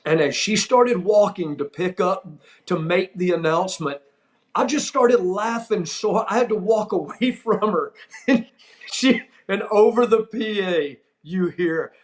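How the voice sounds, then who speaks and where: A man, an older wrestling figure, telling a funny backstage story on his podcast, animated and laughing often. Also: high-pitched, measured pace. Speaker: podcast host. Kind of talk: storytelling anecdote.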